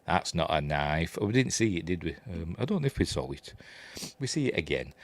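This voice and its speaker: Middle-aged Yorkshire male host, low voice with a lot of swing in it, rambling live commentary, dry close sound. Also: big pitch swings, fairly quick, dry recording. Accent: Yorkshire English. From Yorkshire, England. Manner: chatty, rambling, laughs at his own jokes; reads out viewer chat messages. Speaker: host of a livestream review show.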